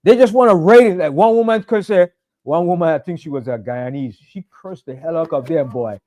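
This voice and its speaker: High-voiced man preaching with fire. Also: fairly quick, warm tone. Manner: fiery, conversational preaching with emphatic repetition. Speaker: pastor. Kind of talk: sermon.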